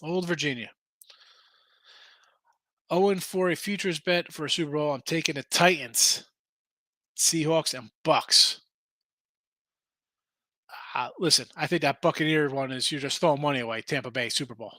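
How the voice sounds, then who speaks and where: A man hosting a sports betting show, talking through picks in a lively, argumentative way and answering his chat. His voice is bright and sits a little high. The sound is dry and close. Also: moderate pace, long pauses, no echo. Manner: animated, argumentative, reads chat comments aloud.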